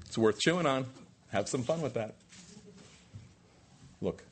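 A man's voice: medium pitch, animated, measured pace, slightly rough. A man preaching a sermon as pastor, with rising emphatic peaks and rhetorical questions to the congregation.

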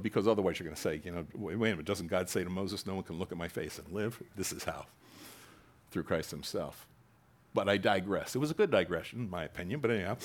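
Animated preacher with a lively, swooping voice. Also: male voice, deep voice, moderate pace. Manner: animated preaching, reading scripture aloud with sudden loud emphatic bursts and asides. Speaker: pastor. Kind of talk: sermon.

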